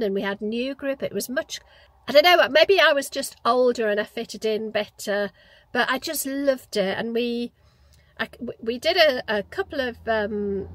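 A woman in her fifties talks to camera about her past. Her voice sits a little high, and her manner is reflective and chatty, with false starts and fillers as she gathers her thoughts. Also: a bit bright, no room sound, low-quality recording. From Newcastle, England. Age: 50s. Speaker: vlogger. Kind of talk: casual personal storytelling.

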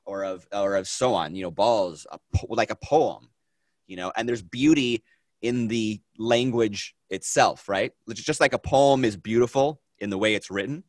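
A man teaching a film class, talking in a lively, conversational way and asking the students questions. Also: fairly low pitch, moderate pace, no room sound. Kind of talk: classroom lecture.

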